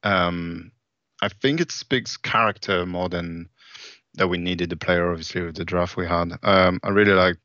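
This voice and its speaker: A man co-hosting a casual sports chat, talking in an easygoing, rambling way with many pauses. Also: deep voice, steady tone, bright, forceful tone, dry recording, highs cut off. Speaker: podcast co-host.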